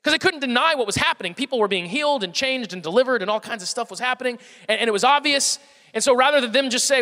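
Southern guy preaching, high bright voice, keeps repeating himself, lots of questions to the room, long reverb. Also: fast talker. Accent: Southern American. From American South. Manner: conversational, repeats words, asks the congregation questions. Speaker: pastor. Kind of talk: sermon.

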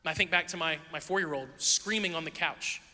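A man's voice: on the high side, fairly quick, sharp tone, big-room sound. A man preaching a sermon as pastor, telling the story conversationally with playful asides.

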